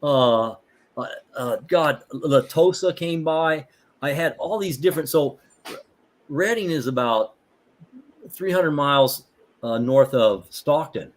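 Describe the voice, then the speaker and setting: A man's voice: on the high side, slow. Rambling older man telling stories. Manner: rambling, animated, many fillers and restarts. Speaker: martial arts instructor, guest. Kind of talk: casual storytelling.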